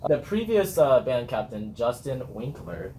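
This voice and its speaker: A man's voice: medium pitch, sing-song, a little slow, a crowd in the background. A young man, a marching band captain, chatting casually on a podcast, talkative and laughing often as he acts out his cheers.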